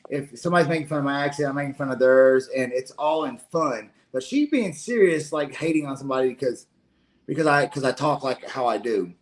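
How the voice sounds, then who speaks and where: A man with a Kentucky Southern accent in casual late-night stream chat, rambling and indignant with many restarts. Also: fairly high pitch. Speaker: stream co-host.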